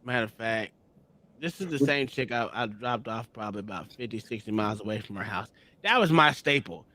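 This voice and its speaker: A man hosting a casual podcast, telling profane stories loudly and laughing through them. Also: fairly low pitch, a little fast, no room sound. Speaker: podcast host. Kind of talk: casual crude storytelling.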